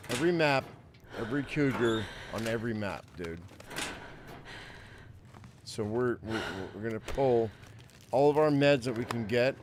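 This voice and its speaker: This gaming streamer talks in a mid-range voice against a noisy background, giving loose let's play commentary. He swears a lot, repeats his words, and grumbles about how angry he is.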